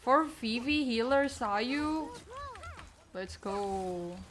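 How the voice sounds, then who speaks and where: A woman streaming a game, chatting casually with teammates in a low, weak, energy-saving way. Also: lively intonation, drawn-out words, slight background noise. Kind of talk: casual live-stream chat while gaming.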